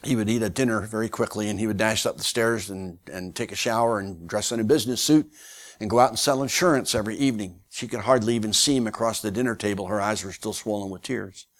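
A man preaching as a guest speaker, telling a story in a folksy, animated way with many fillers. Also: lowish voice, quick pace. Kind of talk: sermon storytelling.

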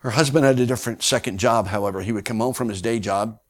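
A man preaching as a guest speaker, telling a story in a folksy, animated way with many fillers. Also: fairly low pitch, fast talker. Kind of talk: sermon storytelling.

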